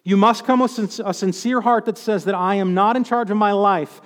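A man's voice: sits high, fairly even intonation, normal speed, long reverb tail. A man preaching a sermon in a conversational way, with joking asides.

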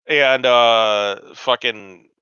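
A man's voice: medium pitch, steady tone, extremely slow, sharp tone, clear, resonant tone, no echo, muffled recording. A man in his forties telling a long, profane, rambling anecdote on a casual podcast, acting out the quotes of people he met. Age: 40s. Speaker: podcast host. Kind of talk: casual storytelling chat.

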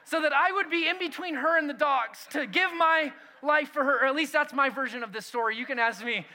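A man preaching a sermon, telling a self-mocking personal story with animated swings between loud and hushed delivery. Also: very high voice, fairly quick. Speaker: pastor.

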